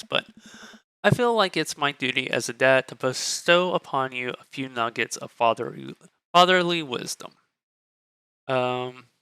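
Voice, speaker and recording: A man's voice: medium pitch, pushed and bright, clear, resonant tone, no room sound. A male streamer reading a dating game aloud in a candid, joking way.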